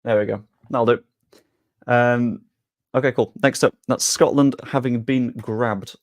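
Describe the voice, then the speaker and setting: A man's voice: medium pitch, fairly even intonation, measured pace, dry recording. A young man chats through a live stream in a loose, jokey way, often poking fun at himself. His voice sits in a middling register and is recorded close and dry, with no room sound. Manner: chatty, jokey, self-deprecating. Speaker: streamer hosting a sweepstake draw. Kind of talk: casual live-stream chat.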